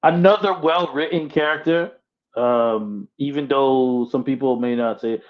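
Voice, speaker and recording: Man, podcast co-host, insistent, argumentative, mid pitch, slightly muffled lo-fi mic. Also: a little slow. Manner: insistent, argumentative, repeats his points. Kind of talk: casual pop-culture debate. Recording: slightly dull lo-fi sound.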